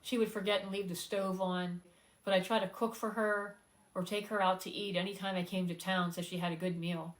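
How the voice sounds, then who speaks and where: Emotional woman talking haltingly on a live stream. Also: mid-range voice, steady tone, low-quality recording. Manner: heartfelt, halting, many fillers, fighting back tears. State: emotional, close to tears. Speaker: singer-songwriter hosting a live stream. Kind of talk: casual live-stream talk.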